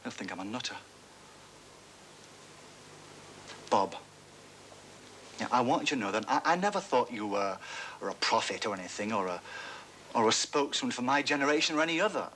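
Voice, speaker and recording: A man's voice: mid-range voice, animated, fast, pushed and bright, a little hiss or hum. An actor playing an earnest man, an anxious fan who rambles and second-guesses himself, in a 1980s broadcast drama. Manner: musing, self-doubting, talking himself in and out of ideas. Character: earnest adult male fan rehearsing a speech, anxious and rambling.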